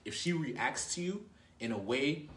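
A man offers casual dating advice as a coach, speaking slangily, calling the viewer "bro", and repeatedly adding "right?" to his points. His mid-range voice is a bit bright with lively intonation and a slightly slow pace; the mic is distant, the room roomy, with slight background noise.

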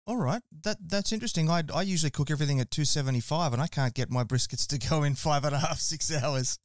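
Smooth-voiced Australian podcast host. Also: male voice, on the high side, quick pace, no room sound, studio quality. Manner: friendly, chatty, says mate. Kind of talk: casual interview chat.

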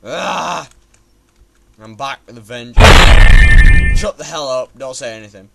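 A man's voice: medium pitch, animated, a little slow, vocal fry, background noise. A young man commentating his own platformer run in a frustrated way, swearing constantly at the game. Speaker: gamer playing a platformer. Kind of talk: swearing let's-play commentary. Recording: loud typing and keyboard clicks behind.

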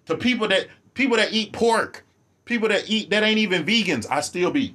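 A man giving ranting vlog commentary, animated, profane and sarcastic. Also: high voice, fairly quick.

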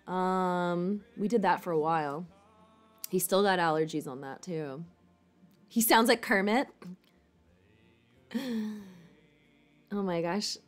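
A woman's voice: fairly low pitch, slow, long pauses. A woman streamer chatting casually with viewers, rambling with lots of "like" and casual swearing. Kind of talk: casual chat.

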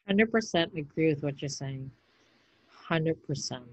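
Animated woman co-host ranting. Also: sits low, a little slow. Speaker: podcast co-host. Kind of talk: casual chat.

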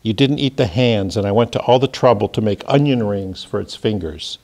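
A man's voice: on the low side, moderate pace, darkish tone. A man reading aloud the part of a prim housewife who stubbornly defends the dinner she serves. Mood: matter-of-fact.

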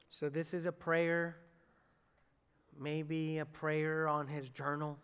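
A man preaching a sermon as pastor, in a lively, conversational way, with many fillers and asides to the congregation. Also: fairly high pitch, slow, long pauses, clear, resonant tone. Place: church sanctuary on a stage. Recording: church hall with long reverb.

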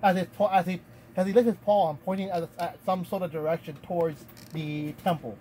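A high-voiced man runs the table as dungeon master. He narrates haltingly, restarting his sentences. There is noticeable background noise in the room. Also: steady tone, mellow, low-quality recording.

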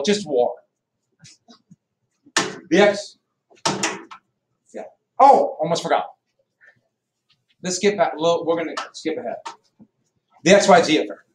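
Loud joking male history teacher, echoey. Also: high voice, normal speed, long pauses. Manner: loud, animated, jokey. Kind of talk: classroom lecture. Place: classroom. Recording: echoey classroom from far off.

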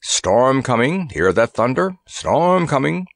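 A man's voice: fairly low pitch, big pitch swings, measured pace, vocal fry, dry recording, exaggerated voice. Male reader doing a grumbling, haughty old storybook elephant, sarcastic edge, dry close read. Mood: anxious. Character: pompous grumpy elderly male elephant. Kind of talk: audiobook character voice.

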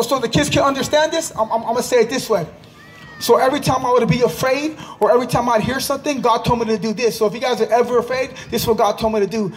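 A man with a very high-pitched voice gives a fervent spoken testimony in an outdoor park. He talks in urgent bursts, often rising into a shout and repeating phrases for emphasis. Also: a little hiss or hum. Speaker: person giving a religious testimony.

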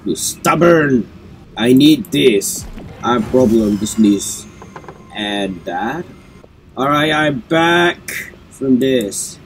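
A man's voice: mid-range voice, expressive, very slow, pauses often, slight background noise. A man who keeps sneezing, narrating his gameplay in casual commentary for his viewers. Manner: sneezes often, apologizes, talks to the viewers. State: sneezy, congested. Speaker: gameplay video host.

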